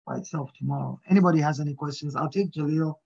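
A pastor with a fairly high voice runs a Bible study over a video call. He jokes lightly, calls on people, and keeps saying "praise God." His audio is dull and lo-fi. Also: fast talker, vocal fry, darkish tone, slightly rough. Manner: jokey, repeats "praise God".

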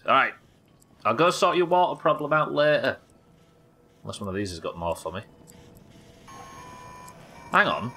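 A man's voice: deep voice, sharp tone. A man livestreaming a game, chatting, swearing and thinking aloud. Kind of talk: casual gameplay commentary.

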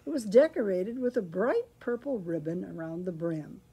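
A woman reading a picture book aloud to children as a library storyteller, pausing to explain words along the way. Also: medium pitch, animated, warm tone, breathy edge.

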